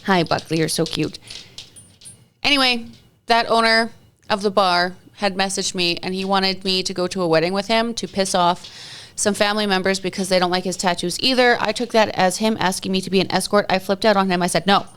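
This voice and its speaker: A woman in her thirties talks casually on her solo podcast, wandering from one topic to the next. Her voice is smooth and clear, pitched in a middle range, and she keeps undercutting herself with wry jokes. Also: fairly even intonation, a little fast, fairly bright tone. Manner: chatty and rambling, jumps between topics with self-mocking jokes. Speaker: podcast host.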